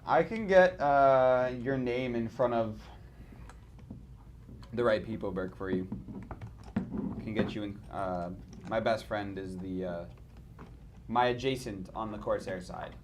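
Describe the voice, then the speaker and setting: A man's voice: fairly low pitch, takes it slowly, long pauses, a little hiss or hum. A man putting on a swaggering British-sounding pirate voice while chatting on a stream. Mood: hammy.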